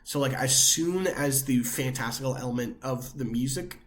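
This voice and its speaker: Medium in pitch and speaking at normal speed, this young male co-host chats casually on a podcast, with a little hiss or hum in the audio. He rambles, filling his talk with filler words.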